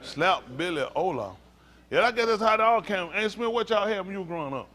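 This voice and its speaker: A pastor joking and teasing his congregation in a playful, animated sermon, laughing often. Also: high-pitched, quick pace.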